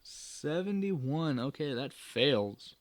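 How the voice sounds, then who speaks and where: Guy reading out a solo horror game, kinda high voice, keeps fixing his own flubs. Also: lively intonation, slow pace. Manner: self-correcting, stumbles and rereads words. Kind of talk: reading a solo adventure aloud.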